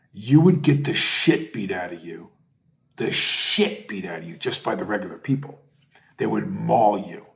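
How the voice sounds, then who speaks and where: A middle-aged man hosting a commentary show, telling a story in a blunt, profane way that builds to shouting bursts. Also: lowish voice, vocal fry, rough recording. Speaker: podcast host and commentator. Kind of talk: casual monologue commentary.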